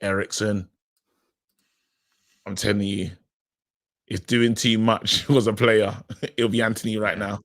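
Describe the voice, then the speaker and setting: A man co-hosting a live match watchalong, excitable, laughing often and putting on voices for players. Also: on the low side, measured pace, pauses often, dry recording. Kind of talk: casual live match commentary.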